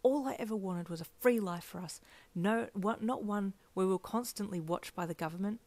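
A woman voicing a stern, protective father who scolds in a low, hushed, angry half-whisper, for a fanfiction audio story. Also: fairly quick, no echo, close to an everyday voice. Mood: hushed anger.

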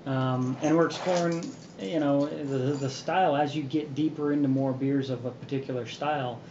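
A man hosting a beer review show in casual chat, relaxed and rambling with many fillers. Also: mid-range voice, moderate pace. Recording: roomy, dull sound with background noise.

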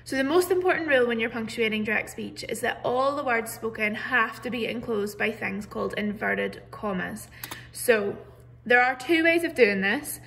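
A woman's voice: fairly high pitch, moderate pace, fairly bright tone, slight background noise. A woman teacher, patiently explaining a grammar lesson over a computer mic with many "so"s and "um"s. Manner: clear, patient explaining with frequent "so" and "um". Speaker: primary school teacher. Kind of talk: recorded online grammar lesson.

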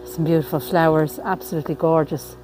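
A woman vlogger giving an unhurried walking-tour commentary outdoors in a graveyard, reading out headstone inscriptions as she goes. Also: low voice, fairly even intonation, warm tone, soft background music.

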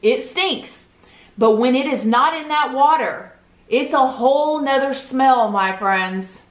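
A woman's voice: high-pitched, slow. A woman telling a personal story to her viewers in a casual, earnest storytime style, often addressing them as "you guys", with a Southern US accent. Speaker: YouTube storyteller. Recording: roomy echoey home recording.

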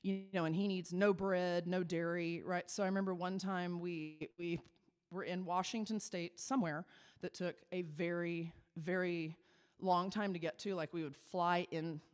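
A woman's voice: fairly low pitch, fairly even intonation, moderate pace, clear, resonant tone, long reverb tail. A woman from Texas, a cabaret singer telling chatty, self-mocking stories between songs. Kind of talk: stage patter between songs.

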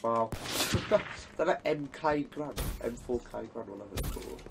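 A man's voice: medium pitch, a little slow, creaky, heavy background noise. Young man commentating gameplay. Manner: swearing, trash-talking, excitable. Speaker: gaming commentator.

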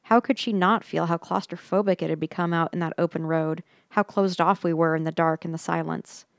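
A woman's voice: fairly low pitch, steady tone, fairly quick, gravelly, no room sound, clean studio sound. A woman podcast host reading a first-person ghost story aloud with suspenseful pacing, sometimes dropping into tense whispers.

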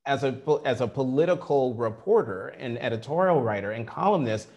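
A middle-aged man telling career stories in an interview, animated and acting out the quotes. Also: medium pitch, a little fast, lo-fi sound. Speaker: journalist guest. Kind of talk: storytelling interview.

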